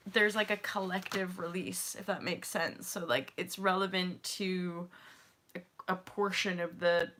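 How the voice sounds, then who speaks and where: Bright-voiced woman in her thirties, expressive. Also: medium pitch. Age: 30s. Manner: expressive, laughing often, swearing casually. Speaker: yoga and meditation teacher, channel host. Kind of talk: emotional casual talk to camera.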